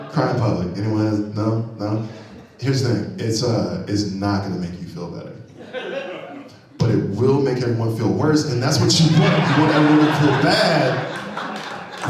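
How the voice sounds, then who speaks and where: A man doing a stand-up comedy set on stage, animated and loud on punchlines, laughing at his own jokes. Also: lowish voice. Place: comedy venue stage, live audience. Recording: very echoey hall, mic from far off.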